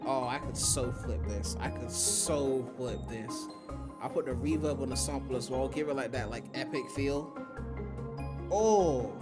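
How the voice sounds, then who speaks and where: A man in his twenties streaming a live reaction, loose and excitable, swearing and thinking out loud. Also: mid-range voice, a little slow, over loud music. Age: 20s. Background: showcase audio playing.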